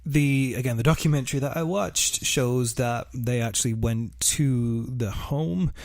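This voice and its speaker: A man's voice: medium pitch, measured pace, vocal fry, a little mellow, no echo, clean studio sound. Rambling man telling a true-crime story. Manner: rambling, filler-heavy storytelling, laughs at own jokes. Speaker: podcast co-host. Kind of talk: casual true-crime chat.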